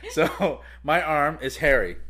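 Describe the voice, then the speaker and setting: Husky man swearing through casual chat. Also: fairly high pitch, lively intonation, slow pace, a bit bright. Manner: loose, profane storytelling. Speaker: podcast co-host.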